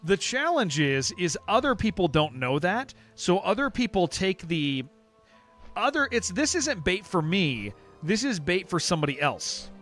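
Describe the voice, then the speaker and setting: A man's voice: high-pitched, big pitch swings, a little slow, a bit bright, soft background music. A man streaming a game, chatting casually and emphatically with his viewers and answering their messages as he goes. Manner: rambling, emphatic, reacts to chat messages.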